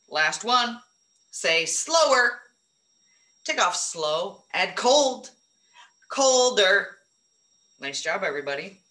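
A woman teaching a phonics lesson to young children, encouraging them and modeling each word slowly. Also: mid-range voice, sharp tone, echoey room. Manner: encouraging, drawn-out modeling of words.

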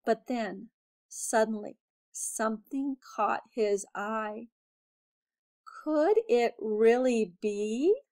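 A woman teacher reads a children's picture book aloud, her voice fairly high and her pace slow and deliberate. She shapes every phrase expressively for young listeners. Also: lively intonation, dark tone.

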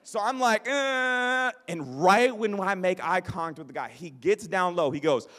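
A male pastor preaches and tells stories with an animated, self-deprecating humor. His voice sits a bit high and swings widely in pitch. A long reverb from a big hall hangs behind every line. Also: normal speed. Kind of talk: sermon with personal storytelling.

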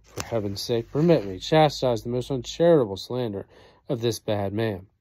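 A man's voice: mid-range voice, expressive, moderate pace, warm tone, no room sound, natural voice. A man reading the part of an aged, wronged father in a play, declaiming in a solemn way. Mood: outraged. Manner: solemn, declaiming old verse.

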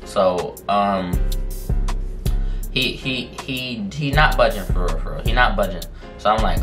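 A man casually telling a story on his vlog in slangy, profane speech, full of fillers and drawn-out phrases. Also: mid-range voice, animated, sharp tone. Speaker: storytime vlogger. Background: music in the background.

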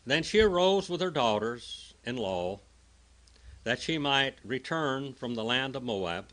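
Preacher, male, bright, clear tone; reads verses, then chats through them. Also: medium pitch, expressive, unhurried. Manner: conversational Bible teaching, reads scripture then explains it. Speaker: pastor. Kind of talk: sermon.

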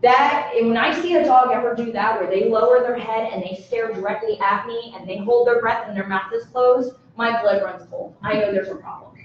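A woman dog trainer lecturing a live audience, lively and acting out voices of dogs and people. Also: fairly high pitch, fairly quick, few pauses, slight background noise. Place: presentation room with audience. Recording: echoey room, mic from far off, dull sound.

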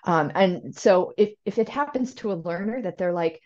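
A woman's voice: lowish voice, lively intonation, normal speed, a little mellow, dull audio. A woman guest in an interview, explaining language learning in a thoughtful way, often correcting herself and acting out learner questions. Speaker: language education expert guest.

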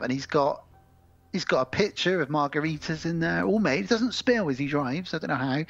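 A man's voice: fairly high pitch, vocal fry, fairly bright tone, lo-fi sound. A man co-hosting a podcast, chatting casually about films with jokes and swearing. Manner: jokey, swears, acts out film scenes in quick voices. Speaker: podcast co-host.

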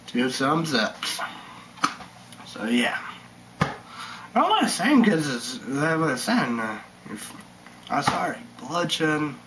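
A man's voice: fairly high pitch, sing-song, slow, long pauses, background noise. A man rambling through a casual vlog monologue, meandering and muttering, sometimes dropping to a whisper. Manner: meandering, mutters and drops to whispers, bursts into sung chants. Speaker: vlogger.

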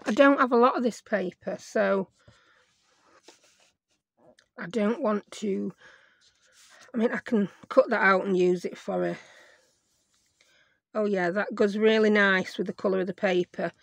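A woman talks through her crafting at a home desk, chatting and thinking aloud as she goes. Her voice is croaky with a gravelly fry, set at an ordinary middle pitch. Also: steady tone, moderate pace, dry recording. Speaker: craft video host.

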